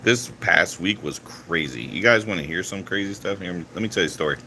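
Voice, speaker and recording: In a casual vlog with faint hiss or hum, a man speaks a little fast while recounting his week. He animatedly performs others' quoted lines, pushing his pitch upward.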